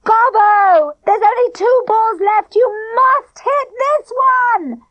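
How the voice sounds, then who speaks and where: A woman's voice: very high-pitched, animated, takes it slowly, no echo, highs cut off, voice pushed up, full character voice. A woman voicing a fiery, bossy young girl who bellows and shrieks. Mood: furious.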